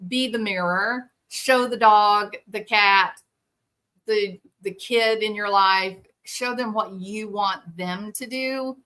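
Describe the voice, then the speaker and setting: A woman hosting a talk show, explaining things casually and acting out parents and children in quick quoted voices. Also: medium pitch, pushed and bright. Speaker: podcast host. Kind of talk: explanatory commentary.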